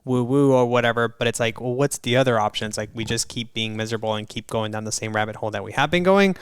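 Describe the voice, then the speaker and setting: A young man co-hosting a podcast, chatting in a relaxed, joking way. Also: mid-range voice, fast, smooth, no room sound, studio quality. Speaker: podcast co-host. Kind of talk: casual podcast talk.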